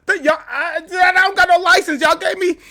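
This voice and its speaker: A man lampoons a flustered woman driver who pleads in a high, bright whine. Each excuse tumbles into the next. It is a mocking impression in a comic reaction clip. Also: steady tone, moderate pace, exaggerated voice. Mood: whiny.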